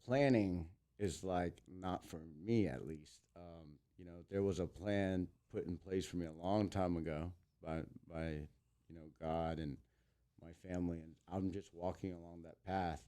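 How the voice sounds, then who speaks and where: A man in his thirties tells stories as a guest in a casual interview, animated and fond of acting out what people said. His voice sits low, with a dark, mellow tone. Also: a little slow. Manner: animated, acts out quotes in big voices. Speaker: guest, entertainer.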